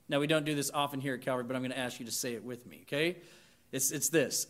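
A man's voice: medium pitch, quick pace, a bit bright. A man preaching a sermon to students, reading scripture with emphatic lists and chatty asides. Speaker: pastor.

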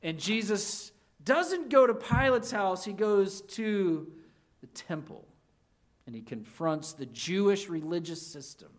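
Slow-paced and animated, this pastor's sermon moves from booming emphasis down to quiet, low lines, with repeated, emphatic restarts.

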